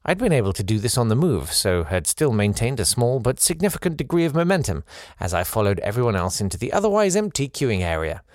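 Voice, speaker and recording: A man's voice: mid-range voice, fast talker, no echo, clean studio sound. A man hosting a podcast, reading out a listener's letter with playful asides of his own. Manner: animated, playful asides between read passages.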